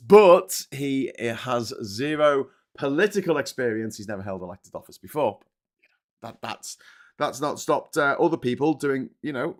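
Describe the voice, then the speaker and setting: A man's voice: mid-range voice, fairly bright tone. A man hosting a casual political livestream, talking bluntly with frequent swearing and reading viewer comments aloud. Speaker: host of a morning politics livestream.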